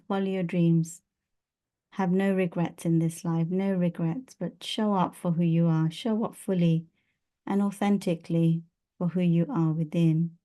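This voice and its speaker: A woman channeling a loving, protective male archangel, speaking in slow, repetitive blessings. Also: fairly low pitch, mellow, lightly acted. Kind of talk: spiritual channeling.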